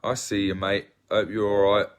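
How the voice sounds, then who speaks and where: Hosting a livestream, an English-accented man from England talks casually with viewers at a moderate pace. His lowish voice shows little pitch movement, and his chat is rambling and self-deprecating.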